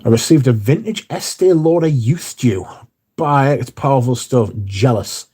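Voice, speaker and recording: A man's voice: medium pitch, expressive, moderate pace, dark tone, husky. A man hosting a casual livestream, reading viewer comments aloud and answering them, swearing casually. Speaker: livestream host reading chat.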